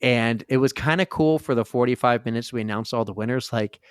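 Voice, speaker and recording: A man co-hosting a podcast in casual chat, telling a story and acting out the quotes with big jumps in pitch. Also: fairly quick, smooth, no echo, studio quality. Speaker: podcast co-host.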